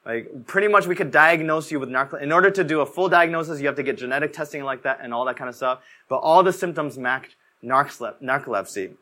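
Young guy preaching, chatty, says like a lot, high tense voice. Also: fast, few pauses, pushed and bright. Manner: casual storytelling, fills talk with "like". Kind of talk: conversational sermon.

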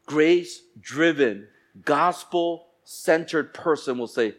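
Loud outbursts punctuate the hushed, slow lines of this male pastor's church sermon. His pitch is medium, and he performs the voices of the people he quotes.

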